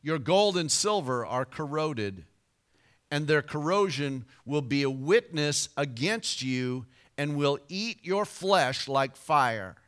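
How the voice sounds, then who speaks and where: A man preaching a sermon, telling a joke story with big swings in volume and slow, emphatic scripture reading. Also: animated, fairly bright tone, clear, resonant tone. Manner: dynamic storytelling with sudden shifts of volume and pitch.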